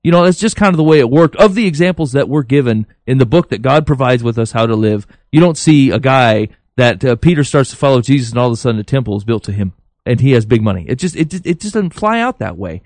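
A man's voice: mid-range voice, lively intonation, quick pace, darkish tone, dry recording. A man co-hosting a podcast, giving his views earnestly, thinking aloud with many fillers and restarts. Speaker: podcast co-host. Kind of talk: casual opinion chat.

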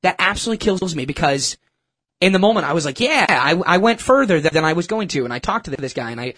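Animated man telling a faith story. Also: a little high, fast talker. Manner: animated, self-mocking, many restarts. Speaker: churchgoer sharing a testimony. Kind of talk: casual storytelling.

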